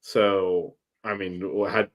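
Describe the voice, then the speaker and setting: A man's voice: low-pitched, level tone, takes it slowly. A man hosting a casual sports chat, rambling with many fillers and restarts. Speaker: sports podcast host.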